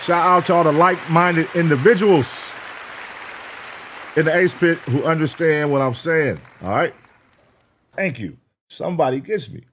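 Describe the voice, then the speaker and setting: A man's voice: on the high side, moderate pace, pauses often, a bit bright, some chatter behind, a little hiss or hum. A man hosting a reaction show, rambling casually and cursing as he talks to his chat.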